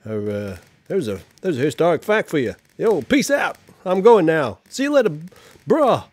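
A spaced-out Guy Fawkes drawls in a put-on American accent, as a man voices him during a game stream. His pitch swoops up and down as he marvels, calling everyone dude and man. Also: big pitch swings, moderate pace, darkish tone. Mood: brash. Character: dazed stoner Guy Fawkes, adult man.

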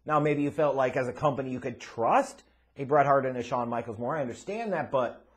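A man's voice: medium pitch, a little fast. A man hosting a wrestling commentary channel, delivering an opinionated monologue in an emphatic, blunt way with casual swearing.

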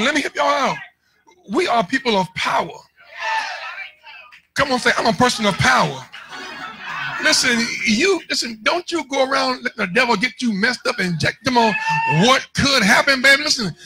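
High, bright-voiced preaching pastor. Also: male voice, slight background noise, poor audio. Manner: fiery call-and-response preaching, shouting at peaks. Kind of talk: sermon. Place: church sanctuary.

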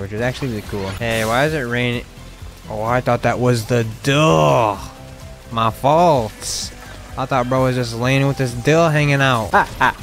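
Excitable young man with slow, slangy game commentary. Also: medium pitch. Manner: excitable, slangy reactions with sudden loud outbursts. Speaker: gaming streamer. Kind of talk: let's play commentary.

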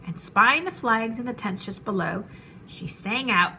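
A woman teacher reading a children's storybook aloud with animated, rhythmic rhyming narration. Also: fairly high pitch, unhurried, noisy background.

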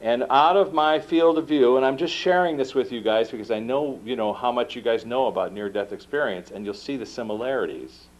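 A man's voice: a little fast, few pauses. A man giving a talk to an audience, telling his story animatedly and acting out quoted dialogue. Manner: acts out quoted dialogue with lively pitch jumps. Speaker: speaker giving a book talk. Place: lecture room. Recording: dull lo-fi recording.

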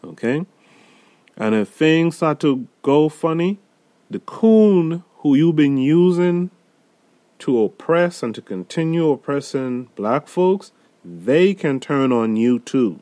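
A man hosting a solo podcast, talking through a film in an emphatic, deliberate way and speaking straight to his listeners. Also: on the high side, expressive, mellow, no room sound. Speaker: podcast host reviewing a film.

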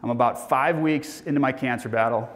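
A man in his forties giving a personal, earnest keynote talk. He moves between hushed, quiet moments and energetic bursts. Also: mid-range voice, brisk. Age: 40s. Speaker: motivational keynote speaker. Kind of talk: personal storytelling speech. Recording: reverberant hall sound.

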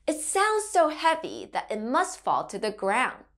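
A woman's voice: high voice, huge pitch swings, unhurried, a bit bright. Playful sing-song woman teaching kids. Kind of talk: children's lesson narration.

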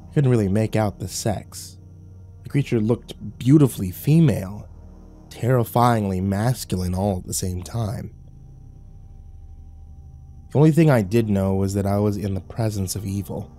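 Man narrating horror in a dark voice. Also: lowish voice. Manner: slow, grave and brooding. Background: faint music.

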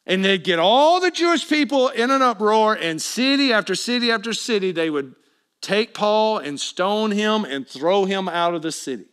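A male pastor preaching a sermon, telling the story with lively energy and acting out the people in it. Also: high-pitched. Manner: animated storytelling preacher, acts out quoted voices.

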